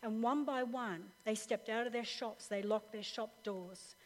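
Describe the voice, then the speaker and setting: Brief: high-pitched woman pastor, lively story-driven sermon, long hall reverb. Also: measured pace. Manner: animated storytelling, laughs often. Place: church hall with live audience. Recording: reverberant live hall recording.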